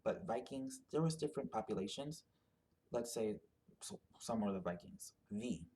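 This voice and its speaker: A man's voice: medium pitch, expressive, moderate pace, mellow, a little hiss or hum. A man giving a casual explanatory monologue, rambling and thinking aloud with many fillers and restarts. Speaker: commentator on genetic ancestry.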